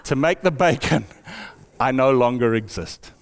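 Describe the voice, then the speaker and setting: A man voicing a grave, self-sacrificing pig in a sermon, speaking low and solemnly. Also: lively intonation, measured pace. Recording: long hall reverb.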